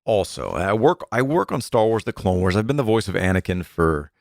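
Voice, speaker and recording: Recorded dry with no room sound, this thirtysomething podcast co-host chats casually from a home studio, jokey and playful, rambling with fillers. His lowish voice is creaky and sing-song, moving a little fast.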